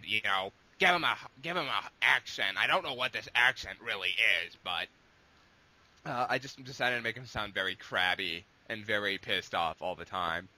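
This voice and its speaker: Male interview guest, casual and rambling, with a bright, forceful tone. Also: mid-range voice. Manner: long-winded, rambling with restarts. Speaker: guest, abridged series creator.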